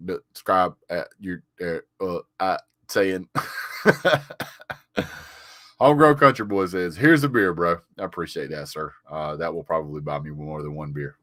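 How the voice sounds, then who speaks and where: Man, very deep voice, casual live-stream banter, reads chat aloud, stammering repeats, dry close sound. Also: a bit bright, dry recording. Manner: reads viewer comments aloud and answers them; frequent chuckles and "sir" rebuttals. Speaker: sports vlogger reading live chat.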